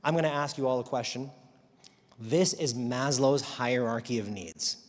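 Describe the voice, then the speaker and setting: A man gives a talk to a crowd, his voice carrying through a large hall with a long echo. He speaks at a middle pitch, in an animated and wry way, with strong emphasis. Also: normal speed. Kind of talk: live talk to an audience. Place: large auditorium.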